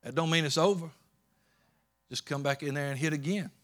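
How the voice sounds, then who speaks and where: A man preaching a sermon, swinging between loud emphatic peaks and low soft storytelling, often repeating words and restarting. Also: fairly quick. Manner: rising to loud emphatic peaks, then dropping low and soft while retelling scripture.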